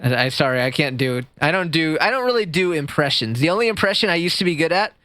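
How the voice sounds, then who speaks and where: Male streamer, casual stream chat: high voice, swooping animated delivery, self-deprecating humor. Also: quick pace, no room sound. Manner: animated, goofy, self-deprecating, chats with viewers. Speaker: livestreamer. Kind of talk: casual live-stream chat while gaming.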